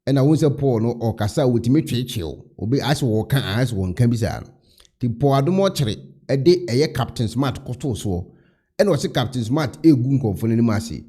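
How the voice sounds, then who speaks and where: A male vlogger recounts events in casual, gossipy commentary. His voice is mellow and dark. It sits at a middling pitch. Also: lively intonation, moderate pace, slightly rough.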